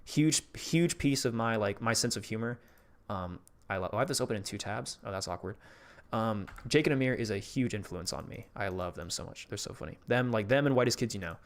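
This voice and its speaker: A man's voice: on the low side, lively intonation, a little fast, a little hiss or hum. A man hosting a casual live stream, chatting loosely as he rambles, swears often and laughs easily.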